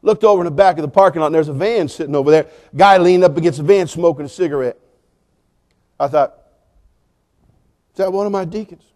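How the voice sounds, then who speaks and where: A male preacher with a high-pitched voice tells a story from the pulpit. He moves from hushed, slow asides to loud, shouted moments. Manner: animated storyteller, swings from quiet to shouting. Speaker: pastor. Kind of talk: storytelling sermon.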